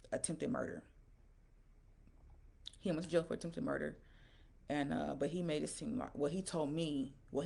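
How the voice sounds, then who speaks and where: A woman's voice: sits low, vocal fry. A woman recounting a painful personal story in a casual, rambling, emotional way, often repeating herself. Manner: emotional, animated retelling. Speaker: live-stream storyteller.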